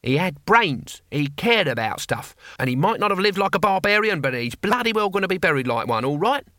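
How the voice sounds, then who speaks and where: A man's voice: sits high, very animated, fairly quick, pushed and bright, no echo, studio quality, pitched above the performer's own voice, full character voice. A man voicing an old barbarian leader who is blunt and defiant. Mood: gruff.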